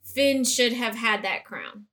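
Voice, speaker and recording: A woman in casual chat about a novel, talking eagerly in quick bursts full of "like". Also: a little high, lively intonation, sharp tone. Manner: eager, talks in quick bursts with many "like" fillers. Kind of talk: casual book discussion.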